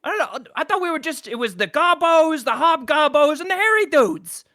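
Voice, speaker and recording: A man's voice: animated, a little fast, bright, forceful tone, heavily acted. A man voicing a drunk, slurring male goblin who stammers nervously. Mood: suspicious, stammering. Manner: high squeaky nervous stammer.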